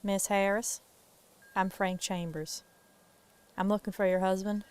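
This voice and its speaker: Polite male private investigator voiced by a woman, lowered voice, slow, soft, Southern drawl. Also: level tone, clear, resonant tone, close to an everyday voice. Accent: put-on Southern US.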